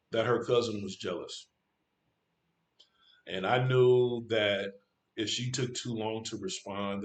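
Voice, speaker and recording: A man telling a personal story in a rambling, profane way, stumbling over his words and rising sharply when angry. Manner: rambling, restarts, voice climbs high when angry. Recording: roomy echo.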